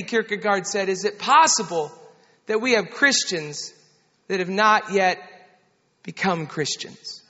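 A man in his thirties preaching a sermon, an animated storyteller who tells a family story and then builds to an impassioned appeal. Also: high-pitched, measured pace. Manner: animated storyteller, soft-spoken quoted lines, builds to shouting. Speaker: pastor. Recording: dull sound with long hall reverb.

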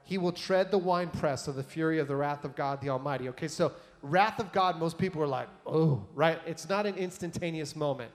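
A man preaching a sermon in a conversational, animated way, reading scripture and adding casual asides to his audience. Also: fairly high pitch, a little fast, hardly any pauses. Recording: long hall reverb.

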